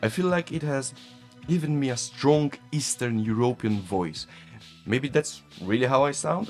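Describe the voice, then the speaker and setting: A man with a Polish accent, whose first language is Polish, chatting casually about tech and often chuckling at himself. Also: fairly low pitch. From Poland. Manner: chuckling, self-mocking. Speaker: tech vlogger. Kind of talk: casual chat. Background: faint background music.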